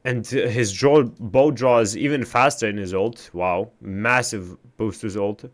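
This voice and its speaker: A man streaming a game live, chatting casually with his chat, swearing often and reacting loudly to what he reads. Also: on the low side, unhurried.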